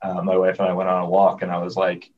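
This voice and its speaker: Man, podcast guest, rapid and animated, husky, heard on a dull, faraway remote line. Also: sits low. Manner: animated storyteller, many restarts. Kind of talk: casual chat. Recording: dull, distant remote audio.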